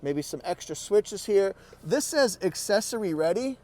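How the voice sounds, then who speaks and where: Man, high-ish voice, playful and excitable car reviewer talking from inside a truck cab. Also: moderate pace. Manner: excitable, playful, exclaims and repeats phrases. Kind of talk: casual product walkaround. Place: inside a pickup truck cabin.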